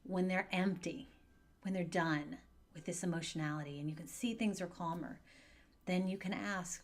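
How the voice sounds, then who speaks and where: A divorce and parenting coach with a slightly low voice speaks directly to viewers in an advice video, guiding parents through a hard moment with their children. Her delivery is calm, gentle, measured and reassuring.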